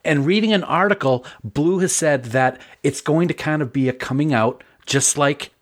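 A man's voice: a little high, moderate pace. A man co-hosting a podcast, talking in an earnest, enthusiastic way. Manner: enthusiastic, earnest fan praise. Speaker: podcast co-host. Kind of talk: casual podcast chat.

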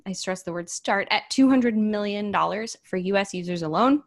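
A woman's voice: medium pitch, moderate pace. A woman co-hosting a marketing news podcast, delivering news with dry, wry commentary. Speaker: podcast co-host. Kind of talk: casual news chat.

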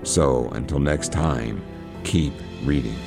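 On his radio program about books, this man reads from a novel and discusses what he's read, stumbling through frequent fillers and false starts. He has a gravelly bass voice, and music plays behind him.

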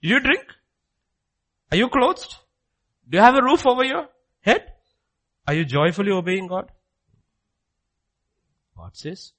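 A male preacher delivers a sermon with a wildly animated pitch, leaping from loud exclamations to hushed, almost whispered asides. His voice is bright and forceful, and he acts out little dialogues with rapid-fire questions and answers. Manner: dramatic swings between loud exclamations and hushed low asides; repeats phrases, frequent "okay?" checks.

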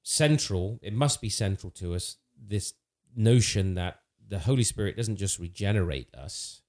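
A man's voice: on the low side, expressive, unhurried, darkish tone. A man in conversation on a faith podcast, speaking earnestly and thoughtfully, with frequent restarts and fillers. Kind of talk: conversational theological discussion.

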